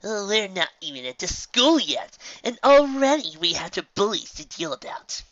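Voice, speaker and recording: A man's voice: sits high, sing-song, normal speed, no echo, muffled recording, voice pushed up. Clarity, a man doing a wary young filly pony. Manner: anxious, hushed.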